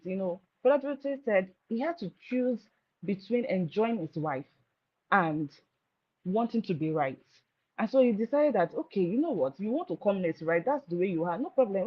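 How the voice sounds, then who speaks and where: A woman talks through marriage advice in an easy, conversational way, slipping into little acted voices as she tells stories. Her pitch sits in the middle. The recording is a bit dull and lo-fi. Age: adult, married. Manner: lively storytelling, acting out quoted voices. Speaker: marriage speaker. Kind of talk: informal advice talk. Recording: dull lo-fi sound.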